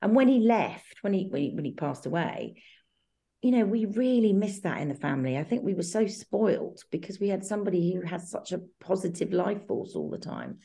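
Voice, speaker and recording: A middle-aged woman from England, a guest who talks warmly and reflectively in an interview, hesitating with ums and restarts. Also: medium pitch, animated, fairly quick, gravelly.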